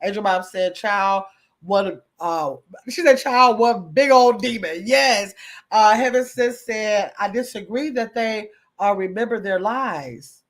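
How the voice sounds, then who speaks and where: A woman hosting a casual livestream, reading viewer comments aloud, chatty and quick to laugh. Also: mid-range voice. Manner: chatty, laughs often, talks to chat as y'all. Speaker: livestream host.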